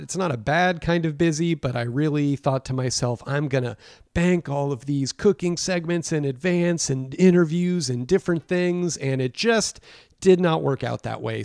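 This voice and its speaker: A man's voice: fairly high pitch, vocal fry, a little mellow, smooth, no echo, studio quality. Chatty, upbeat male podcast host. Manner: rambling, enthusiastic, self-interrupting. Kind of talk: casual podcast chat.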